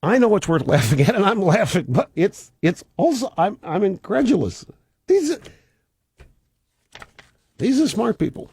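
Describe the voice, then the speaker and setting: A man's voice: fairly high pitch, wildly swooping pitch, moderate pace, pauses often, darkish tone, husky, no room sound. A man hosting a talk radio show, mocking news clips with sarcasm and mimicry. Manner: sarcastic, mimics stammering speech.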